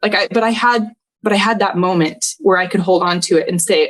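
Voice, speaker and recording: A woman's voice: medium pitch, a little fast. A woman in her thirties, a podcast guest, telling an emotional personal story with earnest, heartfelt feeling, often close to tears and laughing through it.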